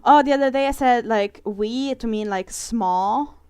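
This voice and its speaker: A woman's voice: on the high side, a little slow, a little mellow, clean tone, dry recording, clean studio sound. A young woman with an Italian accent, an illustrator chatting casually and self-mockingly while she draws on a stream, laughing often. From Italy. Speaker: illustrator live-streaming a drawing session. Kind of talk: casual chat while drawing.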